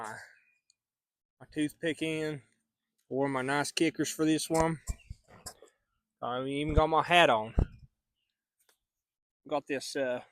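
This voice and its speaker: A man's voice: on the high side, a bit bright, no echo, clean studio sound. A man putting on a hammy folksy cowboy drawl for a joke intro.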